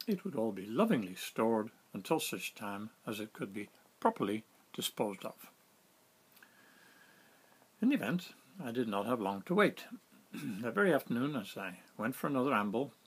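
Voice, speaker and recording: A man reading his own story aloud in a wry, self-mocking, lively way. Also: mid-range voice, moderate pace, breathy edge. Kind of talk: storytelling narration.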